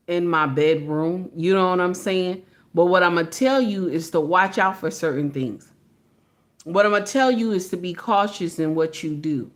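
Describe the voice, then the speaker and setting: A woman's voice: fairly low pitch, normal speed. A woman giving casual reaction commentary, emphatic and repetitive, driving each point home with "okay?" and "baby".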